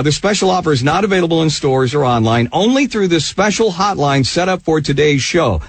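A man hosting a radio show, delivering a brisk sales pitch and reading out a number slowly. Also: breathy edge. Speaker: radio host.

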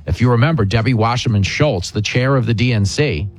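A man's voice: medium pitch, fairly quick, soft background music. A man hosting a talk radio show, chatting in a sarcastic, mocking way. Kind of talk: opinionated talk radio chat.

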